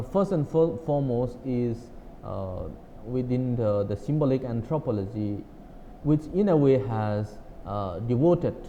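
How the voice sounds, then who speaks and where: A man giving a university lecture, halting and hesitant, with frequent fillers and restarts, leaning hard on each "now" to open a new point. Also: medium pitch, warm tone. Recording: dull lecture recording with reverb and faint hiss.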